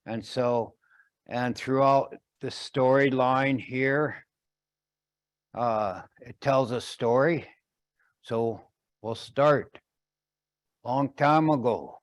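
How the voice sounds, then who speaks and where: A man telling a traditional story slowly, pausing often and explaining as he goes. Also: medium pitch.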